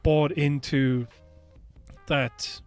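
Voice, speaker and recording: Male co-host, higher-pitched, earnest and reflective, filler-heavy, faint music bed. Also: fairly even intonation, drawn-out words, clean tone. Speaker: podcast co-host. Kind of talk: casual chat.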